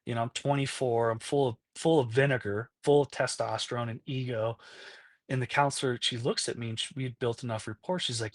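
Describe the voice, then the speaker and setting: A man in his thirties, a podcast guest, speaks candidly about his past, often checking in with "right?" and "you know?" and acting out old conversations in quoted voices. His mid-range voice is fairly quick with fairly even intonation, in a dry, studio-quality recording.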